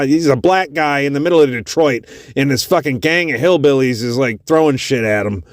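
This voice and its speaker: A man's voice: medium pitch, a little fast, hardly any pauses, no echo, studio quality. A man hosting a podcast, telling a story in a casual, profane way with lots of cursing. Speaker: podcast host.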